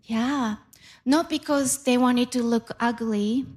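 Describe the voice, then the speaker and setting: A young woman with a Japanese accent performing a stand-up comedy set on stage, with a deadpan, deliberate delivery. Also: fairly high pitch. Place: comedy club stage before a laughing audience.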